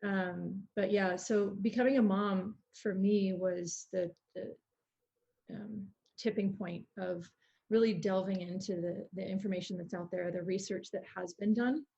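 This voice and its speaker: A woman's voice: medium pitch, fairly even intonation, measured pace, creaky, dark tone. A middle-aged woman, a fitness educator, speaking thoughtfully as a podcast guest, with fillers and restarts, on a dull lo-fi recording. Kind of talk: casual interview chat. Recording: dull lo-fi sound.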